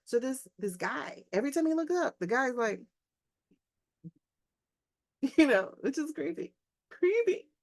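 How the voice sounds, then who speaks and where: A woman's voice: sits high, lively intonation, a little slow, long pauses. A woman English teacher reading a short story aloud and breaking off for chatty, joking asides to her class.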